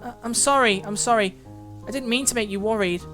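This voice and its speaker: A man reading out the lines of a teenage girl in a visual novel, soft, tearful and full of self-blame. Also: high-pitched, fairly quick, faint music behind, pitched above the performer's own voice. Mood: flustered. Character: cheerful teenage girl, sobbing and apologetic.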